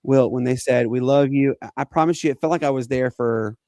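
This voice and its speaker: A man, co-hosting a podcast and telling a personal story in an earnest, halting way. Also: mid-range voice, darkish tone, no room sound. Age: 40s. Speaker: podcast co-host.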